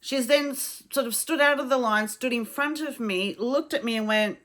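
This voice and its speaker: A woman's voice: on the high side, moderate pace, a bit bright. An Australian woman telling travel stories to camera in a frank, chatty way, with swearing and many fillers. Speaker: travel vlogger. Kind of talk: casual storytelling to camera.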